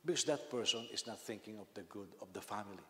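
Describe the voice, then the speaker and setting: A man's voice: on the low side, fast talker. A man preaches a sermon in a big reverberant church hall, his voice carrying a long ringing tail. He tells anecdotes animatedly, often restarting and repeating words as he builds his point. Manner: animated storytelling, frequent repetitions and restarts. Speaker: senior pastor.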